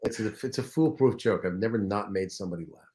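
A man's voice: on the low side, fast talker, dark tone. A man hosting a podcast, chatting casually and poking fun at himself while he breaks down jokes. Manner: self-deprecating, chatty, dissects jokes. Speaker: podcast host. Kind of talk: casual chat.

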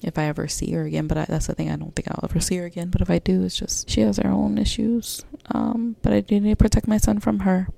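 A woman's voice: medium pitch, flat delivery, quick pace, vocal fry, hardly any pauses, warm tone, dry recording. A woman hosting a personal podcast, talking candidly in a rambling way with many fillers and restarts. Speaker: podcast host.

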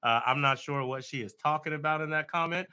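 Bright, jokey man on a podcast. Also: fairly high pitch, a little fast, smooth. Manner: jokey, laughing, theatrical asides. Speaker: podcast co-host. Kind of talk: casual sports podcast banter.

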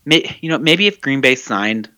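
A man's voice: medium pitch, animated, normal speed, pushed and bright, smooth, no room sound. A man co-hosting a podcast, chatting casually and easygoing, with fillers and frequent laughs. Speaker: podcast co-host. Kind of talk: casual fantasy football chat.

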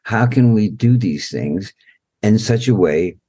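Older man, deep voice, husky, folksy storyteller, rhythmic. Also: animated, slow pace, dark tone. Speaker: guest elder and storyteller. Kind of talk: storytelling in a podcast interview.

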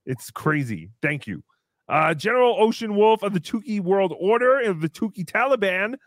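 A man's voice: high voice, sing-song, moderate pace, no echo, clean studio sound. A man voicing a brash, boastful comic character who talks about himself in the third person while hosting a livestream. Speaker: show host character. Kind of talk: livestream comedy banter.

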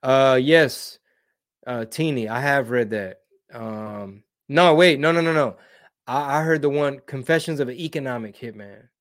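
A man's voice: medium pitch, measured pace. A man hosting a casual live stream, reading viewer comments in a rambling, slangy way and dropping Spanish words.

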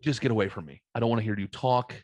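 A man's voice: mid-range voice, racing, darkish tone, no room sound. A man co-hosting a casual podcast, blunt and emphatic, often restarting his sentences. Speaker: podcast co-host. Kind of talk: casual chat.

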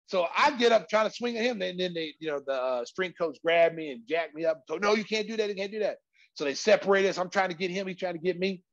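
A middle-aged man telling an animated, slangy story as a guest, acting out voices and sometimes shouting. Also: sits high, fast, hardly any pauses, lo-fi sound.

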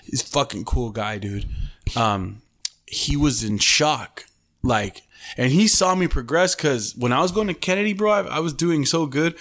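A man's voice: mid-range voice, lively intonation, moderate pace, fairly bright tone. A young man co-hosting a podcast, telling loose gym stories in casual chat, full of swearing and "bro" and "dude.". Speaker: podcast co-host.

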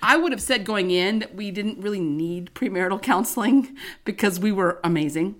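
A woman co-hosting a casual podcast chat, telling a story in an animated, expressive way. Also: medium pitch, moderate pace. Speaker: podcast co-host.

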